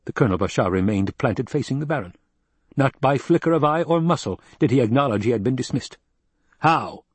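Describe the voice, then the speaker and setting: A man narrating an audiobook in a measured, steady way. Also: medium pitch, breathy edge, dry recording.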